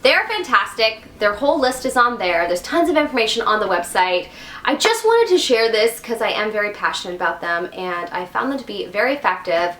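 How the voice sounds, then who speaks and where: A bubbly young woman talks casually to her viewers, quick to giggle. Her voice is bright and forward. The sound carries a noticeable room echo. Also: medium pitch, sing-song. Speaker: YouTube wellness host. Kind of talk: casual talk to camera. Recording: echoey room.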